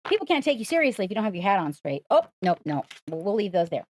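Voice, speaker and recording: A woman's voice: medium pitch, very animated, fast, a little mellow, slight background noise. A woman hosting a live stream, coaxing and praising her pet in playful sing-song talk. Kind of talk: live-streamed casual chat.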